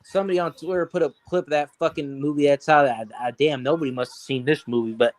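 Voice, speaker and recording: A man co-hosting a casual podcast chat, rambling and swearing as he tells stories in an animated way. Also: on the high side, quick pace. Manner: profane, rambling, animated storytelling. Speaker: podcast co-host.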